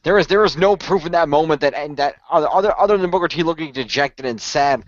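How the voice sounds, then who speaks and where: A man's voice: a little high, fast talker, no room sound. A man co-hosting a casual wrestling chat, arguing his point at length and rambling. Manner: argumentative, rambling. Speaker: podcast co-host. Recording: dull dry lo-fi audio.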